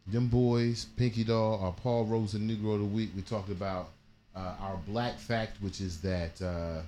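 A man hosting a casual live-stream chat, animated and dramatic, laughing often. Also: lowish voice, normal speed, slight background noise. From Dayton, Ohio family. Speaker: host.

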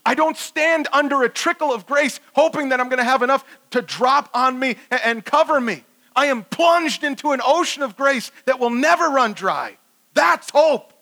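Man, pastor, sermon, high voice, bright tone, animated delivery. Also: moderate pace, rough recording. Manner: animated, acts out quoted voices.

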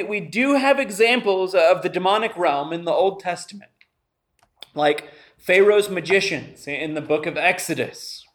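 Slow-preaching man with a high voice. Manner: earnest, asks the congregation questions. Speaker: pastor. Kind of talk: sermon.

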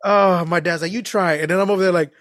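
A young man with a high voice tells a rowdy, profane story on a podcast. The recording is dry and close, with no room sound. He keeps slipping into quoted voices as he goes. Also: fairly even intonation, fast, fairly bright tone, no echo. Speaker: podcast host. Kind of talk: casual storytelling chat.

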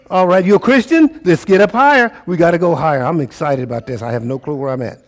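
A male pastor preaching a sermon, calling out to the congregation and swinging between shouts and low murmurs. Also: fast, few pauses, in a large hall, some chatter behind. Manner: preaching with call-and-response, rising and falling intensity.

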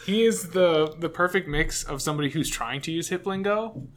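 A man's voice: a little high, normal speed, a bit bright. A man chatting casually as a podcast guest, eagerly jumping in with comments. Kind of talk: casual chat.

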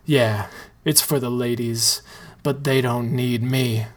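A reader voicing Mike, a dejected male dancer who talks in a glum, self-pitying way, slow. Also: medium pitch, fairly even intonation, natural voice.

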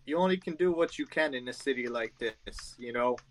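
Easygoing man in tabletop role-play, mid pitch. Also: a little fast, poor audio. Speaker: player.

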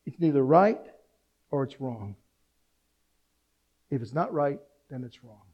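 A male pastor preaching an animated sermon, asking the congregation rhetorical questions and mixing in humor. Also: mid-range voice, unhurried, husky, muffled recording.

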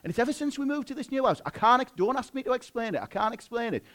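A man voicing a lazy, oblivious young husband in a story told during a sermon, speaking in a hushed, conspiratorial way. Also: sits high, big pitch swings, moderate pace, voice pushed up. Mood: amazed.

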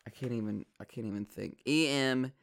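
A man's voice: mid-range voice, brisk, vocal fry. A young man, rambling casually as a vlogger, swearing often and filling gaps with ums and likes. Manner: swears a lot, rambling with many fillers.

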